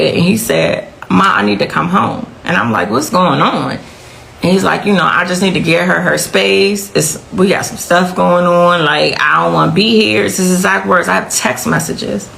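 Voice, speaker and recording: A woman's voice: medium pitch, gravelly, a bit bright, a little hiss or hum, poor audio. A middle-aged woman telling her own emotional account as a victim's mother, intense and repeating phrases for emphasis.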